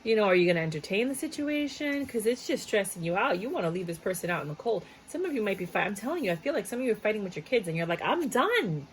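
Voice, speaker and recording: A woman's voice: mid-range voice, lively intonation, rapid-fire, hardly any pauses, slight background noise, low-quality recording. A woman giving a casual tarot reading to her viewers, chatty and blunt, swearing freely and breaking into asides. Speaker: tarot reader.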